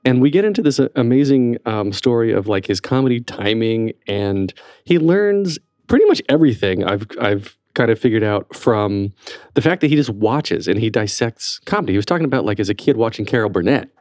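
A man hosting a theater podcast in casual chat, talkative and quick to laugh. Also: lowish voice, lively intonation, a little mellow, dry recording, clean studio sound. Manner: chatty, laughs easily. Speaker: podcast host.

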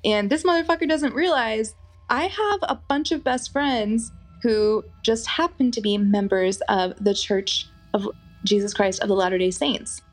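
A young woman telling a personal story in a casual, chatty way, full of fillers. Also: a little high. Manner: animated, chatty, lots of fillers.

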